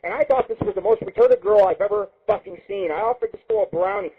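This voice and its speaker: A man with a high, husky voice rants fast with hardly any pauses, hosting an internet radio show from his home studio. His comedic tirade is crude, rambling and packed with swearing, carried over a tinny, phone-like lo-fi stream.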